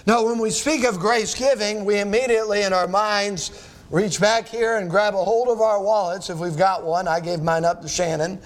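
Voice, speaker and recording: A man's voice: high voice, fairly even intonation, normal speed. A middle-aged man preaching a sermon as pastor, reading scripture aloud and asking the congregation rhetorical questions.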